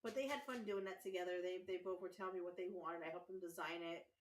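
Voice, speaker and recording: A woman hosting a casual gaming livestream, chatting warmly with her viewers and sounding tired and yawning. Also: fairly low pitch, steady tone, fast, a little hiss or hum.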